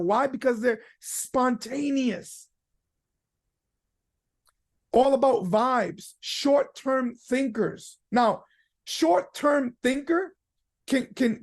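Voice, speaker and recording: A man giving a casual webinar training talk from home, animated, slipping into character voices and leaning on fillers and restarts. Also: very high-pitched, slow pace. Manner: animated, acts out quoted people in character voices. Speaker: business trainer.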